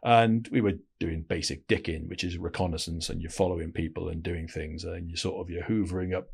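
A man's voice: low-pitched, steady tone, a little fast, vocal fry, husky. A man, a podcast guest telling blunt, slangy anecdotes with frequent restarts in a casual interview. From Wales. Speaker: podcast guest, former intelligence operative.

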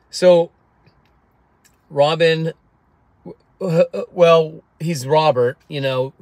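A man's voice: medium pitch, dry recording. A man vlogging casually about a book he is reading, rambling with many restarts, recorded outdoors through an earphone mic. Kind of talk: casual talk to camera. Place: outdoors on windy clifftop.

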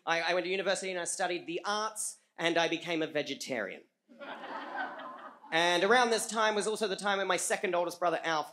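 An Australian man telling a comic story on a live stage, halting with frequent repeats and fillers. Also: high voice, pushed and bright. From rural Australia.

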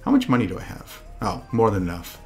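A young man streaming a party video game with friends, chatting casually and breaking into loud, profane outbursts at the game. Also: fairly low pitch, huge pitch swings, quick pace, faint music behind. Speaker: VTuber streamer.

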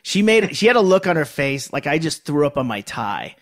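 A man with a slightly high voice chatting on a casual podcast. He pokes fun at himself and circles back through restarts and fillers as he talks. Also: big pitch swings, brisk, fairly bright tone. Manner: self-deprecating, many restarts and fillers. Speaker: podcast co-host. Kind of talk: casual chat.

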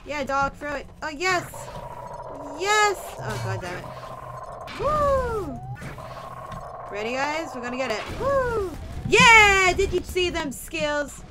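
A woman casually commentating her gameplay, excitable and playful, whooping and using slang. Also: very high voice, slow, heavy background noise. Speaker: let's play gamer.

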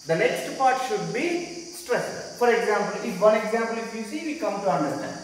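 A man with an Indian English accent teaching an English class, explaining slowly and repeating points with questions to the class. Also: high-pitched, expressive, a little hiss or hum. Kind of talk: classroom lecture. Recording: echoey room, voice far from mic.

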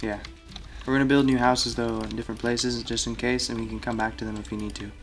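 A man's voice: medium pitch, little pitch movement, fast, over music. A man playing a block-building game, chatting casually and thinking aloud as he plays. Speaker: Minecraft player. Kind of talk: casual gameplay chat.

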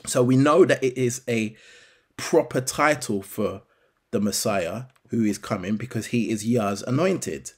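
A man teaching scripture in a slow, deliberate way, putting rhetorical questions to the listener. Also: medium pitch, slightly rough. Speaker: bible teacher.

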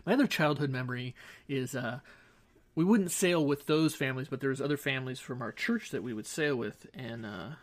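A man's voice: mid-range voice, brisk. A middle-aged man from Southern California hosting a podcast, telling childhood stories in a rambling, wry, self-interrupting way into a studio microphone. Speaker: podcast host. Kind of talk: casual storytelling monologue. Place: home studio.

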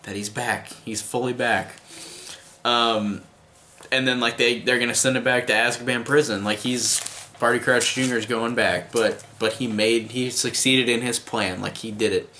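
A man's voice: mid-range voice, steady tone, moderate pace, sharp tone, a little hiss or hum. A man giving a casual, enthusiastic movie review, rambling with many fillers and restarts as he retells scenes.

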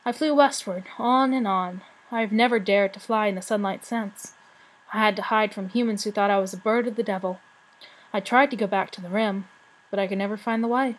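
A woman's voice: medium pitch, lightly acted, rough recording. A woman voicing a weary, wise, very old male dragon in a storybook reading. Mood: solemn. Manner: slow, solemn, grave.

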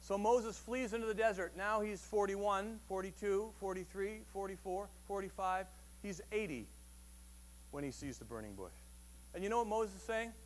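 High-voiced man preaching conversationally. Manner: conversational, asks the audience questions; acts out quoted voices with sudden loud bursts. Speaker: pastor. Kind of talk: sermon. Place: church service.

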